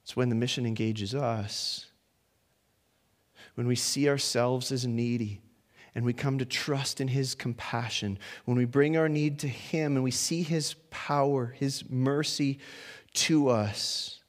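A male pastor with a mid-range voice preaches unhurriedly and conversationally, dropping to hushed lines and then rising to animated ones. He adds playful asides and restarts now and then.

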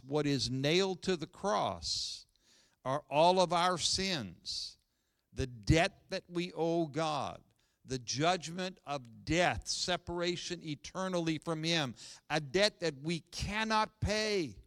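A man preaching a sermon as pastor, reading scripture with rising emphasis, then growing quiet and earnest. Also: on the high side, no room sound.

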